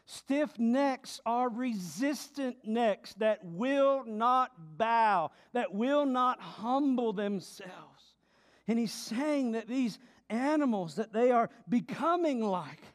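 High-voiced man preaching slowly. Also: lively intonation, long reverb tail. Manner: dynamic preaching, swinging between loud emphasis and hushed low delivery. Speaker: pastor. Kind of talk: sermon.

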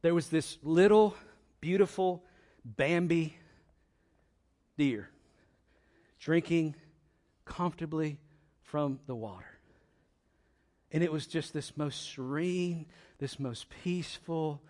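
A man preaching a sermon, with dramatic pauses and repetition, building from quiet to loud, impassioned passages. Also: fairly high pitch. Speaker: pastor.

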